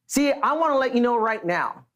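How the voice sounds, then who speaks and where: A man from the Los Angeles area giving an earnest, energetic motivational stage speech and talking straight to the crowd. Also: very high voice, brisk. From Los Angeles area, USA. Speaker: motivational speaker.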